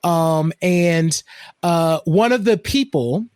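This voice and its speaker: A man's voice: on the high side, takes it slowly, a little mellow, clean tone, no echo, studio quality. A man co-hosting a podcast, talking in a chatty, digressive way. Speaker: podcast co-host. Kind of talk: casual chat.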